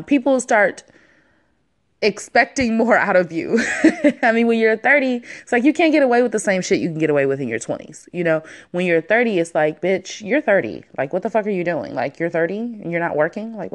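A woman in her late twenties hosting a casual solo podcast from her home basement, talking candidly and playfully with lots of swearing and hushed asides. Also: on the low side. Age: 20s. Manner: candid, profane, playful, swings between loud and hushed asides. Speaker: podcast host.

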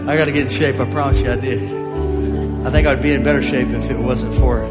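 A man preaching a sermon as pastor, moving from joking asides to shouted declarations. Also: mid-range voice, fairly even intonation, brisk. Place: large church auditorium. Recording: live in a large hall with music behind.

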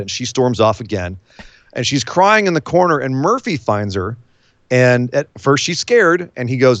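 Animated man recapping wrestling. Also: mid-range voice, moderate pace, no room sound. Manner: animated, acts out quotes in voices. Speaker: podcast co-host. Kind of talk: casual wrestling recap chat.

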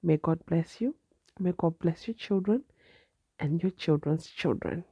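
A woman's voice: fairly low pitch, a little slow, mellow, husky, no echo, muffled recording. A woman from Zimbabwe hosting a solo podcast, chatty and advice-giving with a nasal, congested voice and repeated phrases. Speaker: podcast host.

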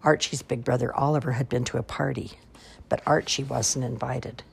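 A woman reading children's stories aloud with expressive storytelling. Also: rumbling low, normal speed, gravelly, a little hiss or hum. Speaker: storybook reader.

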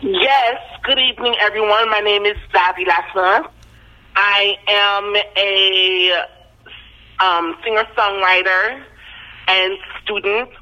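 A woman in her thirties of Haitian descent, with a Caribbean patois-tinged accent, joins a podcast as a guest over the phone, and the line sounds dull. A singer-songwriter and student, she speaks slowly in a mid-range voice, calm, explanatory and self-assured.

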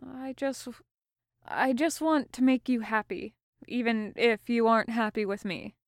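Woman voicing a soft-spoken young man, hesitant, stammering, gentle, slightly high, smooth, dry close sound, storybook reading. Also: steady tone, unhurried, dry recording. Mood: tender. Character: anxious tender young male rogue. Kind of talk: fan audiobook reading.

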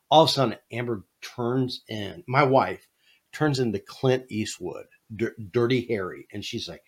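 A man hosting a podcast, telling a funny story in an animated, jokey way. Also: medium pitch, normal speed, husky. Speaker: podcast host. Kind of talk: casual storytelling.

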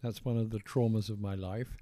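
Older English author, posh accent, warm low tone, halting and reflective, dry close mic. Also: male voice, fairly even intonation, no echo. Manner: measured, hesitant, circles back with restarts. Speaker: author being interviewed. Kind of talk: reflective interview conversation.

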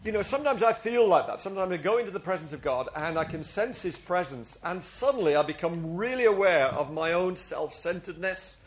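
A man's voice: high-pitched, expressive, brisk, hardly any pauses, slight background noise. A man preaching a sermon to a congregation, earnest and confessional, often restarting his words and leading the people in saying things together. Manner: leads the congregation in call-and-response. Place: church before a congregation.

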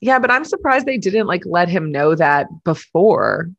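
A woman co-hosting a casual chat, animated and laughing, swearing and shouting out quoted lines. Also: on the low side, moderate pace, vocal fry, no echo, highs cut off. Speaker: podcast co-host.

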